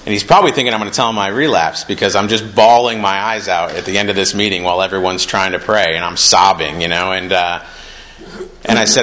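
Young guy sharing at a meeting, really low voice but bright and forceful, reads bits out then chats about them. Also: fast, rough recording. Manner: earnest and conversational, reads passages aloud then reflects. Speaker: recovery meeting speaker. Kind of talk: personal share reading from a recovery book.

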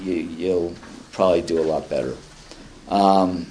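A man's voice: low-pitched, moderate pace, a little mellow. A man in his fifties, speaking at a recovery meeting in a meeting room. He reads passages aloud and comments on them in a rambling, conversational way with dry self-deprecating humor. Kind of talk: casual spoken share, reading passages aloud and commenting.

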